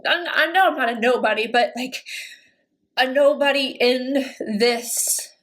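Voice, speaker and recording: Woman, 30s, beauty vlogger, tearful and emotional, high-pitched casual delivery. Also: a little slow, a bit bright. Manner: emotional, teary and gushing. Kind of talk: casual talk to camera.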